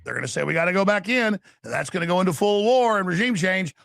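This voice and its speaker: A man rants through political commentary in a high, gravelly voice, urgent and scoffing as he hammers each point. The sound is dry and close, with no room around it. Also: expressive, fast talker, a bit bright, no echo. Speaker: talk show host.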